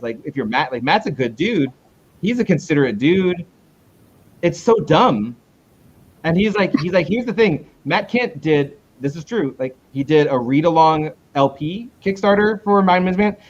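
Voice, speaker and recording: A man talks casually as a guest in an interview, rambling and cutting himself off as he works his way back to his point. His voice sits a little high for a man, and the recording sounds muffled and lo-fi. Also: animated, slightly rough. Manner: rambling, self-interrupting, with quick pitch jumps when retelling. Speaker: comic book creator, guest.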